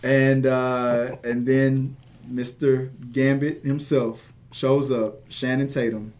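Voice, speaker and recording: A man in casual film chat on a podcast, rambling and excitable with many restarts. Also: medium pitch, takes it slowly, a little hiss or hum. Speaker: podcast co-host.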